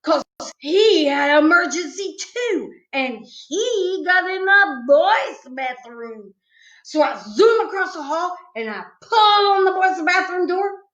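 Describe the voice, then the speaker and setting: A woman with a high voice reads a children's book aloud, telling it playfully from a child's point of view. The recording is a little dull, in a room with a noticeable echo. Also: expressive, slow, a bit bright. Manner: playful, first-person child's storytelling. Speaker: storytime reader. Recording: echoey room, slightly dull sound.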